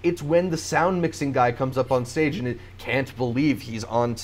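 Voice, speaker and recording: A man's voice: mid-range voice, normal speed. A man hosting a casual podcast, talking through long, run-on points about awards shows. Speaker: podcast host.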